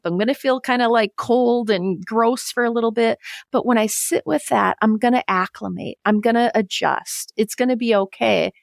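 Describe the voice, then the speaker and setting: A woman, a psychologist talking as a podcast guest, who explains calmly and reflectively with everyday examples. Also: fairly high pitch, creaky, no echo, clean studio sound. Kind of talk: conversational podcast discussion.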